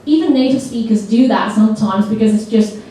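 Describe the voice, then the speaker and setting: Leading a training seminar for teachers, a woman with a slightly high voice is lively and coaxing, getting the room to repeat words aloud. She talks fairly quickly. The recording comes from a distance in a very echoey hall, with slight background noise.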